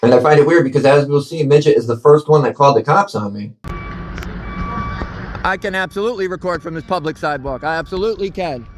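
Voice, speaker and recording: A man's voice: a little high, fast talker, slight background noise. A man filming outside on a public sidewalk, arguing and mocking people in a combative, sarcastic way, and narrating over his own footage. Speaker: camera-carrying activist filming a courthouse. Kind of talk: narrated video commentary and street confrontation. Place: outdoors on a public sidewalk by a street.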